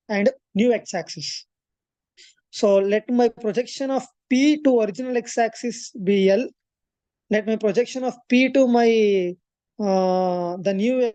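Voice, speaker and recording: Woman, maths tutor, mellow voice, dry close sound, talks through steps with fillers. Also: on the high side, no echo. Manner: explains step by step, thinks aloud with fillers and self-corrections. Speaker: maths coaching teacher. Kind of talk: classroom lecture at a board.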